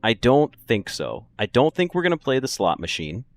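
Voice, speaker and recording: A man's voice: mid-range voice, very animated, normal speed, no echo. A young man casually commenting on his game for a live stream, joking, laughing and answering chat. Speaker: gaming streamer. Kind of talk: casual let's-play commentary.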